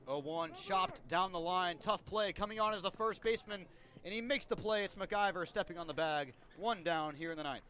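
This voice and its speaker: A man calling a baseball game play-by-play with a slightly high voice. He keeps it relaxed and chatty between pitches and lifts it when a play happens. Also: moderate pace, a little hiss or hum. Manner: relaxed, chatty, rises on big plays. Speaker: play-by-play announcer.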